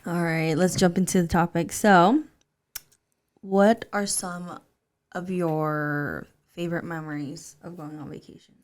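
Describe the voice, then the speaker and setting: A young mother co-hosting a podcast, telling stories in a relaxed, easy way and voicing her child's lines. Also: a little slow. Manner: relaxed storyteller, acts out her daughter's lines in a higher voice. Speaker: podcast co-host. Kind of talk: casual chat.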